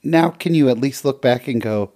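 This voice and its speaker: A podcast host with a mid-pitched voice interviews a guest. The host reacts quickly and laughs along as the guest talks, then moves on to the next question. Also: warm tone. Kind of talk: interview conversation.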